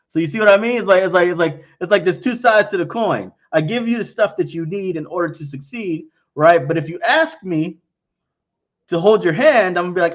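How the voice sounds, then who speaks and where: A man's voice: high-pitched, fairly quick, dull audio. A man answering investor questions in a casual livestream, talking bluntly and frankly, often acting out both sides of conversations. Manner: blunt and frank, acts out quoted exchanges.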